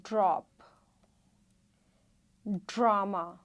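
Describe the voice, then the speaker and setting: A woman teaching a Hindi reading lesson, saying each word slowly and repeating it. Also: mid-range voice, fairly even intonation. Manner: slow, careful, repeats each word twice. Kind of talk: slow spoken lesson, repeating words.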